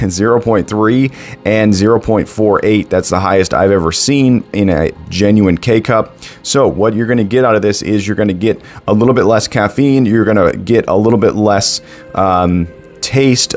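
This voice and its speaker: A man hosting a casual home vlog, reviewing coffee with upbeat enthusiasm and playful asides. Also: fairly low pitch. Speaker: coffee reviewer and show host. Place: at home, indoors.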